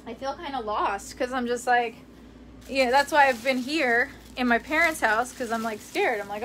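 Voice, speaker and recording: A chatty young woman with a high, bright voice rambles to her viewers with frequent giggles. She talks casually from a room in her parents' house. There is a faint hum of room noise behind her. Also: moderate pace. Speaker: vlogger. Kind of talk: casual chat reading live comments.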